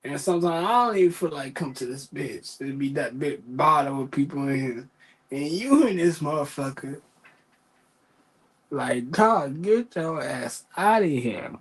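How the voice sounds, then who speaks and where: A man's voice: on the high side, lively intonation, moderate pace, husky, rough recording. A man telling work stories in a casual, profane, exasperated rant, repeating himself.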